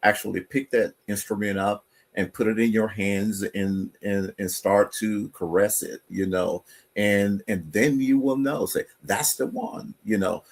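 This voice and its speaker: A man's voice: lowish voice, fairly even intonation, measured pace. A man from North Carolina, a guest guitarist with a North Carolina accent, answering interview questions in an easygoing, thoughtful way.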